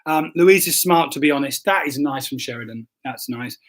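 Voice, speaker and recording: A man's voice: medium pitch, normal speed, a bit bright. A man, a pastor hosting a casual church livestream, reading out quiz results in a joking, self-deprecating way. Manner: jokey and self-deprecating, stumbles and apologizes. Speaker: pastor hosting a live stream.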